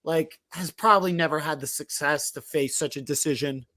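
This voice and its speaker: A man's voice: a little high, normal speed, pushed and bright, no room sound, studio quality. A man co-hosting a wrestling podcast in casual chat, cynical and heavy on filler words. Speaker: podcast co-host.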